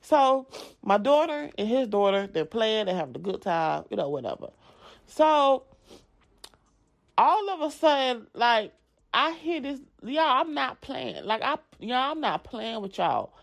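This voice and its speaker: A woman, telling a story to her viewers in a blunt, profane, animated way. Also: a little high, unhurried, vocal fry. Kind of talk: casual storytime vlog.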